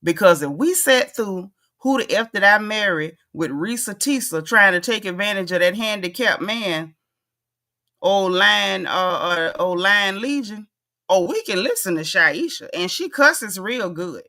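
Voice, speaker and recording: A woman's voice: mid-range voice, expressive, a little slow, sharp tone. A woman, chatting casually to her viewers in a folksy, drawling, playful way. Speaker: commentary vlogger reacting to a clip. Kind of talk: casual chat.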